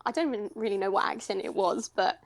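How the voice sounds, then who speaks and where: A woman's voice: medium pitch, steady tone, fast, no echo. A young British woman, a voice actress, chatting in an interview, rambling and self-deprecating with frequent laughter. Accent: British English. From United Kingdom. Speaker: voice actress guest. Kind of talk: casual interview chat.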